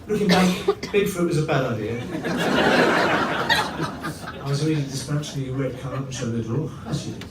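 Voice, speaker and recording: A man performs stand-up comedy in a pompous, mock-posh manner. He is picked up from a distance in an echoey club. Audience noise is clearly heard behind him. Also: mid-range voice, normal speed, long pauses. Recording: roomy live venue from afar with audience noise.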